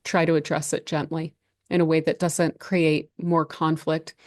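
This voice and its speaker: Woman, slightly low voice, unscripted horoscope host, rambling and restarting, gentle advising tone. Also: little pitch movement, a little slow. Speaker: astrology channel host. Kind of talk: casual unscripted monthly horoscope reading.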